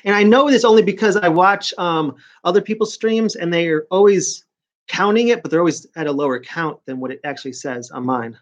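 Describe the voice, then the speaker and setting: High-pitched and fairly quick, a man in his forties talks to live-stream viewers in a New York accent. His chat is casual, rambling, and stop-start, and the recording has a dull, lo-fi stream quality.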